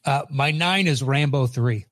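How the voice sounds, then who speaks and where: A man's voice: medium pitch, measured pace, fairly bright tone, no echo. Man casually recapping movies, dry sound. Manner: rambling, recaps plots with filler words. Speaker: podcast co-host.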